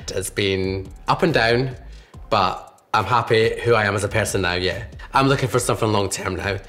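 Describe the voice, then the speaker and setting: A man in his thirties with a Scottish accent, a dating show contestant talking frankly and boldly with a loud laugh. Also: lowish voice, moderate pace. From Scotland. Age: 30s. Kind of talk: casual chat. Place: inside a taxi.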